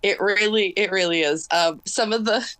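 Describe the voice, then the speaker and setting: A woman in her thirties talks fast and a little loud, with an intense, animated energy. The sound is dry and close, and her pitch sits in the middle range. She's a singer-songwriter chatting as an interview guest. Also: no room sound. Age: 30s. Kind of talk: casual interview chat.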